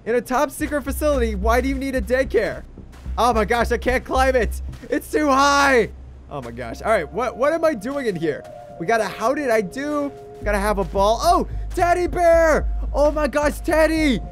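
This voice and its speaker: Young guy gaming youtuber, super high voice that bounces all over, goofy and excited, music playing faintly behind. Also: moderate pace. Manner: excitable, goofy, talks to a teddy bear. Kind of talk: game commentary.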